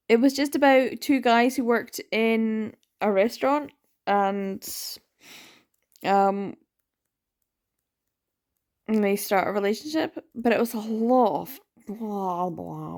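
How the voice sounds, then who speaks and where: A woman's voice: medium pitch, a little mellow. A woman chatting casually in a reading vlog, rambling with many ums and laughs, sounding tired. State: tired, yawning. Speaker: book vlogger.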